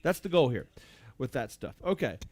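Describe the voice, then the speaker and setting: A man's voice: mid-range voice, big pitch swings, moderate pace, darkish tone, dry recording. A man hosting a live toy sale from his shop, chatting casually and greeting viewers by name. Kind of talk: casual livestream chat.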